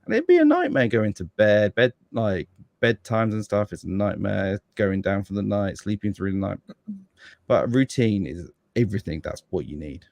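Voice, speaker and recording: Father, podcast guest, low voice with lots of rise and fall, dry close sound, rambling casual talk. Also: sing-song, moderate pace, vocal fry, darkish tone, no room sound. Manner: rambling, many restarts and fillers.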